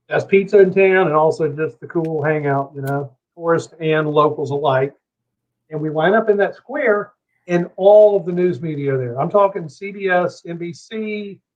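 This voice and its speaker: A middle-aged man from Savannah, Georgia, telling a long, heated story as a podcast guest, swearing freely and rambling between asides. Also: fairly high pitch. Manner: profane, heated, rambling anecdote. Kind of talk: casual storytelling. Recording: dull lo-fi podcast audio.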